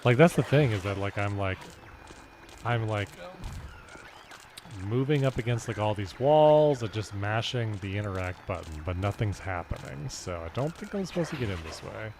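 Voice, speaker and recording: A man's voice: on the low side, expressive, normal speed, a little mellow, slight background noise. Rambling young man streaming a game. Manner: rambling, many fillers and restarts. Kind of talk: casual gaming commentary.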